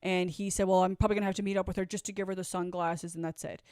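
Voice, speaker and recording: A woman with a deep voice tells a personal story, candid and reflective, acting out what people said. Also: little pitch movement, rapid-fire, a little mellow, clear, resonant tone, no room sound, clean studio sound. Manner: candid, reflective, acts out quoted dialogue. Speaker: vlogger telling her own story. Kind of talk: storytime vlog.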